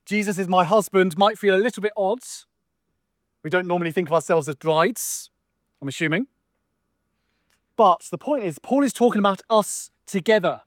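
A man's voice: high-pitched, moderate pace, pauses often, no echo, clean studio sound. A male pastor with a Southern American accent preaching an earnest sermon full of rhetorical contrasts.

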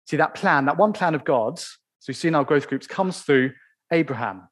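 Male preacher, church sermon, emphatic, rhetorical questions, voice a touch high. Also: expressive, breathy edge. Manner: emphatic, slows down to stress key phrases.

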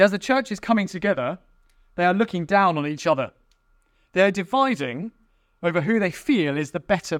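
A man preaching a sermon, animated, sometimes acting out quarrelling churchgoers in mocking voices. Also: high-pitched, no echo, studio quality.

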